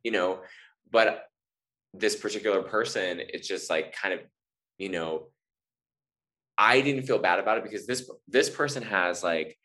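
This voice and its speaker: A man's voice: fairly low pitch, a little slow, long pauses, pushed and bright. A man who is an actor, a guest on a podcast, chatting casually and rambling with many fillers and restarts. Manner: rambling, hesitant, lots of fillers. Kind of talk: casual chat.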